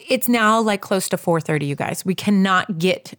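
Animated woman telling a story. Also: mid-range voice, a little fast, hardly any pauses. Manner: animated, says "like" constantly, addresses listeners as "you guys". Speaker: podcast co-host. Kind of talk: casual storytelling chat.

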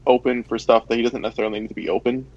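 A man's voice: mid-range voice, little pitch movement, rapid-fire, darkish tone. A man co-hosting a casual sports talk show, laid-back and a bit hesitant. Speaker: podcast co-host. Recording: dull lo-fi sound.

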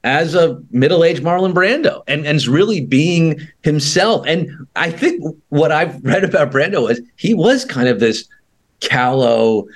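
A man's voice: fairly high pitch, lively intonation, a little slow. A man co-hosting a podcast, joking and rambling about a film with frequent restarts. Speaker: podcast co-host. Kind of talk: casual film chat.

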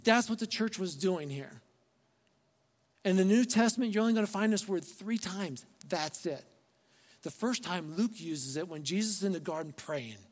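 A man's voice: high voice, lively intonation, moderate pace, in a large hall. A male pastor preaching a sermon in a conversational, emphatic way, full of rhetorical questions to the congregation.

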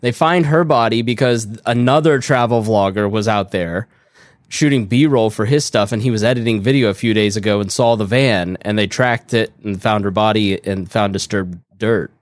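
A man's voice: lowish voice, moderate pace, dry recording. A man co-hosting a casual podcast chat, rambling and self-interrupting in a playful way. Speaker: podcast co-host.

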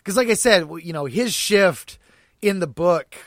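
A man chatting casually as a podcast co-host, animated and laughing often as he acts out quoted lines. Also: high-pitched, normal speed, dry recording, clean studio sound. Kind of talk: casual chat about an audio drama.

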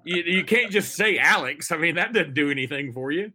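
A man's voice: a little high, animated, normal speed, pushed and bright. A young man hosting a casual sports podcast, chatting in a rambling, jokey way full of fillers. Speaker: podcast host.

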